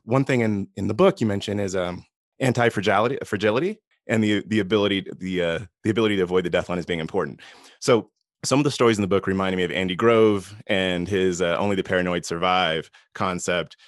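A man's voice: sits low, quick pace, no echo, studio quality. A man hosting a podcast interview, asking long, winding questions with fillers. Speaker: podcast host.

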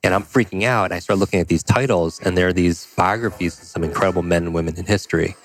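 Man, deep voice, rapid delivery, animated storytelling, interview guest. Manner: quick, animated storytelling with many "like" and "you know" fillers. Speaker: podcast guest.

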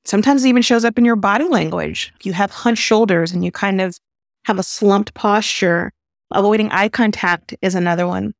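A woman therapist hosting a podcast, calmly explaining advice in an earnest way. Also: mid-range voice, brisk, vocal fry, no echo, clean studio sound. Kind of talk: advice talk.

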